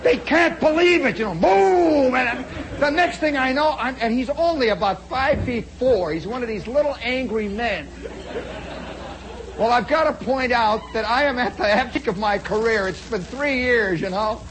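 Animated high-voiced male storyteller. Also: background noise. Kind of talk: spoken storytelling monologue.

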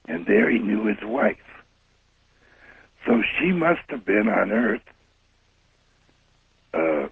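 A man's voice: on the low side, gravelly, slightly rough, no echo. A man from Ohio calling into a radio show, talking in a rambling, hesitant way. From Ohio, USA. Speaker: radio caller. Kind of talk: phone-in chat. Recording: tinny phone line.

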